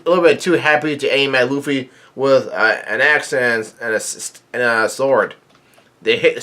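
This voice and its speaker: A man recapping a comic chapter in casual talk, halting with many fillers and restarts. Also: mid-range voice, a bit bright. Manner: reads quoted lines in a plain narrating voice. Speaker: manga reaction vlogger.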